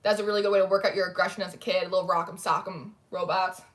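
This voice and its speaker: A woman's voice: lowish voice, steady tone, quick pace. A young woman hosting a casual tarot livestream, chatting and reacting to viewer comments, with a lot of "like" in her talk. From New Jersey, USA. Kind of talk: casual chat reading live comments.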